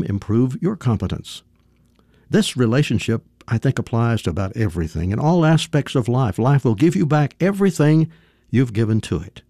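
A man's voice: medium pitch, warm tone, no echo, clean studio sound. A man giving a folksy radio commentary, telling a parable and acting out its voices. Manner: folksy storyteller, acts out quotes.

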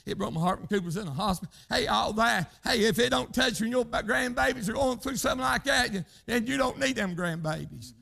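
An older preacher man with a gravelly, fry-laden voice that sits high for a man. He delivers a fervent sermon, tossing in "hey" again and again and breaking out into shouts. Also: fairly quick, hardly any pauses.

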